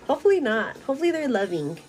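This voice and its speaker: Bubbly mexican-american woman chatting at home, high lively voice, laughs a lot. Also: rough recording. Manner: bubbly, laughs often, mixes in Spanish words. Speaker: beauty vlogger. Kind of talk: casual chat.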